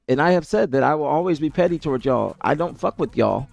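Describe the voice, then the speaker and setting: Gravelly guy going off on his stream chat, dry close mic, heated and repetitive. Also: a little high, expressive, fast talker, few pauses, a little mellow, dry recording. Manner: heated, repetitive, confrontational, laughs incredulously. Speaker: streamer and esports analyst. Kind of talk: livestream rant to chat.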